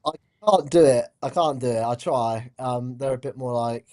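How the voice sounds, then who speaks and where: A man's voice: mid-range voice, normal speed, darkish tone. A man from England with a Southern English accent, calling in to a sports talk show and chatting in an easygoing, modest way. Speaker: caller. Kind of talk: casual call-in chat.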